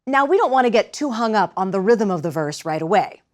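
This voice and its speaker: Woman, acting teacher, measured lecture with demonstrations, faint background noise. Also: medium pitch, animated, darkish tone.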